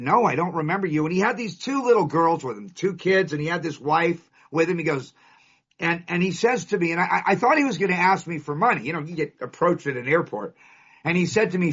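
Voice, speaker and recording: A man's voice: high-pitched, animated, fairly quick, fairly bright tone, slightly rough. A man from California giving an emphatic, storytelling share at a recovery meeting, driving his points home with punchy lists. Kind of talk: recovery share to a live audience. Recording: dull lo-fi recording.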